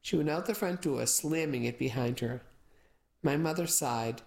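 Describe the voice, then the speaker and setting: A woman narrating a first-person novel as an audiobook, with a lively, expressive delivery. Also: very deep voice, a little slow, gravelly, poor audio.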